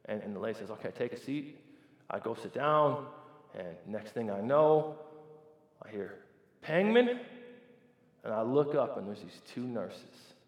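A man preaching a sermon through a personal story. He talks animatedly with stammering restarts and swings between loud and hushed. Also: lowish voice, moderate pace, echoey room, long reverb tail. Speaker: pastor.

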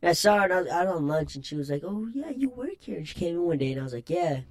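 A man's voice: on the high side, very fast. A young man as a podcast guest, telling crude stories in casual chat with a laugh in his voice. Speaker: guest rapper.

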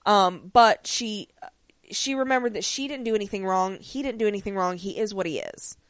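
A woman in casual podcast chat, recapping an episode with loose, filler-heavy talk. Her voice sits mid-range and sounds dry and close, with no room around it. Now and then she breaks into quick impressions of the characters. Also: mid-range voice, dry recording. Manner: chatty, many ums and likes, acts out lines in quotes.

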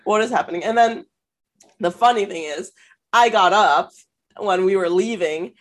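A woman's voice: medium pitch, unhurried. A woman co-hosting a casual podcast, telling a story animatedly with lots of fillers and laughter and acting out what people said. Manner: animated, frequent fillers and laughs, acts out quotes. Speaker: podcast co-host.

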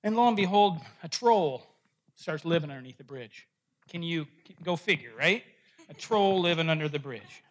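A man's voice: on the high side, expressive, moderate pace. A man preaching a sermon, playfully telling a joke to his congregation before turning to earnest teaching. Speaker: pastor.

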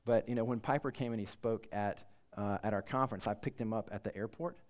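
Animated, chatty young-sounding pastor. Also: male voice, fairly low pitch, fast. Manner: informal, earnest, animated, laughs at himself. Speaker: campus pastor. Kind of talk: conversational sermon to students.

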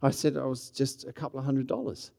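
A man's voice: medium pitch, brisk, vocal fry, warm tone. Middle-aged Australian man preaching; chatty sermon stories in a middle-range voice. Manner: conversational, with frequent restarts and rising bursts of energy. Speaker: pastor. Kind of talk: sermon storytelling.

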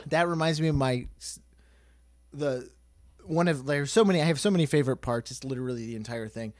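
A man chatting casually on a podcast, animated and swearing freely. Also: medium pitch, brisk, dry recording, clean studio sound. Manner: animated, swearing, quoting people in put-on voices.

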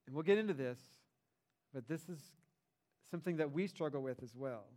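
A middle-aged male pastor preaching a sermon in a high-pitched voice. He keeps it conversational, stressing points with lively emphasis as he retells a story. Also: fairly quick.

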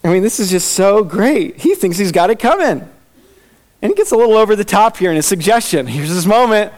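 A man's voice: high-pitched, expressive, fairly quick. A man preaching a sermon, reading scripture aloud and acting out the characters' voices with laughter. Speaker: pastor.

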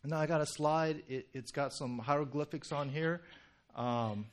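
A young male pastor speaks from the front of a church in a relaxed, joking sermon style. His voice sits slightly higher than most men's, and he talks loosely, full of fillers and quick asides to the congregation. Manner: chatty and animated, heavy "you know" and "right?" fillers, jokes with congregation. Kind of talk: casual conversational sermon.

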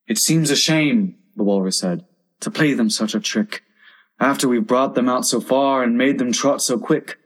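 A man's voice: mid-range voice, normal speed, close to an everyday voice. A man voicing a sly, sentimental old walrus with a grand, coaxing manner.

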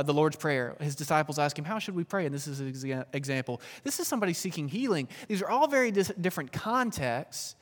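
High-voiced youth pastor preaching in a reverberant hall. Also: male voice. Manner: earnest, emphatic preaching with rising and falling intensity. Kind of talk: sermon.

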